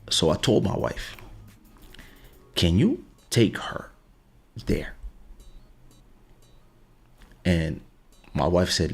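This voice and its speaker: Podcast host, middle-aged man, low and gravelly, casual storyteller, faint music bed. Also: sing-song, takes it slowly, pauses often, a little mellow. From France. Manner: storytelling, repeats "listen" often. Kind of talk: casual monologue.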